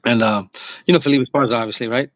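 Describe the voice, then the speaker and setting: A man's voice: medium pitch, rapid-fire. A man in his forties, a comedian guest, telling a story in casual chat and acting out what people said. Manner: animated, acts out quoted lines. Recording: muffled lo-fi, dry.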